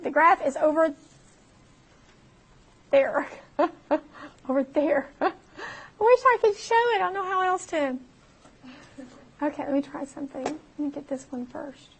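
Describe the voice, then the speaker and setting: Woman, math teacher, high voice, chatty, talks through each step. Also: darkish tone. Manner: chatty, laughs at herself, talks through calculator steps. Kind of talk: recorded math lecture.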